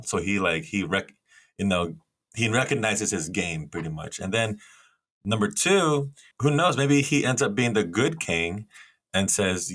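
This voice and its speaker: Podcast co-host, male, lower pitch; measured, builds his points one at a time, lots of "you know". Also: expressive, fairly bright tone. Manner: measured, lays out ideas step by step with fillers. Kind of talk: casual chat, reacting to a trailer.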